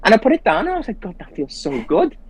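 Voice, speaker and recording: A man's voice: high voice, huge pitch swings, fast talker, husky, poor audio. A man hosting a casual conversation who tells his story earnestly and with animation, restarting his sentences often. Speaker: host.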